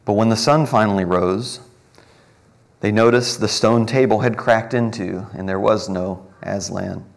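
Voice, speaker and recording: A man preaching a morning sermon as pastor, earnest, building up emphasis and then slowing and softening on key words. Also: lowish voice, steady tone, creaky.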